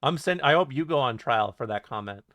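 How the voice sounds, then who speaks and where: A man's voice: medium pitch, animated, brisk, fairly bright tone, no echo. Joking, profane male streamer. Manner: joking and profane, often laughing. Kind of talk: casual livestream chat reading.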